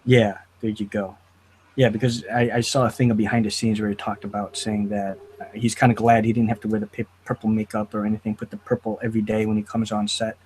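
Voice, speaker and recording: A man hosting a casual review chat, talking in an animated, riled-up way. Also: on the low side, quick pace, a little hiss or hum. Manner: animated, riled up, quotes lines in put-on voices. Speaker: host.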